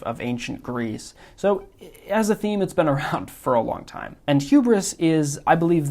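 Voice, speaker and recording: Measured man breaking down a film. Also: medium pitch, darkish tone. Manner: measured, analytical. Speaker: podcast host. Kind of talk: film analysis podcast.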